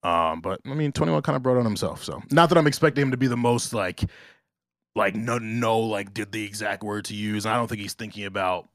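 A man from New Jersey talks casually on a podcast in a lowish voice. He loops through fillers and self-corrections as he works out his point. The sound is dry and close to the mic. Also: fairly quick, no room sound. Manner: conversational, filler-heavy with restarts. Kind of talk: casual chat.

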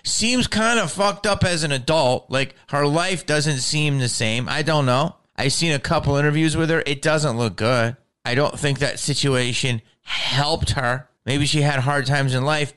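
A man's voice: mid-range voice, a bit bright, clear, resonant tone. A man ranting in a casual, profane chat, often restarting his sentences as a podcast host.

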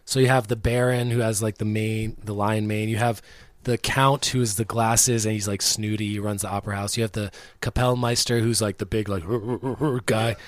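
A man's voice: on the low side, normal speed, no room sound. Casual man in film chat, dry sound. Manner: animated, laughing retellings of scenes. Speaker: podcast co-host.

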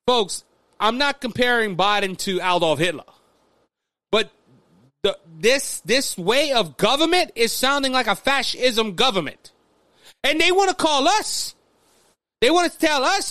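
A man's voice: very high-pitched, expressive, moderate pace, sharp tone, no echo. A man from Louisiana, hosting a political commentary podcast, stumbling through restarts and addressing listeners as folks. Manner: repetitive restarts, talks straight to listeners as folks. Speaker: podcast host.

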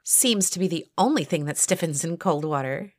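A woman's voice: sits low, lively intonation, normal speed, dry recording, studio quality. A woman voicing a taunting young sorority sister who teases and giggles, in an audio story. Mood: mocking. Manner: teasing, giggly.

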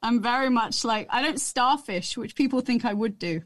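A woman's voice: fairly high pitch, normal speed, dry recording. A woman, chatting casually as a podcast guest and laughing often as she tells stories. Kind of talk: casual chat.

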